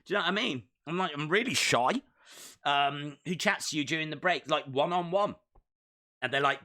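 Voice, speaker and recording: A man's voice: fairly high pitch, animated, normal speed, sharp tone. A man hosting a live stream and rambling in a jokey way while he answers chat comments. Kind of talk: casual live watch-along chat.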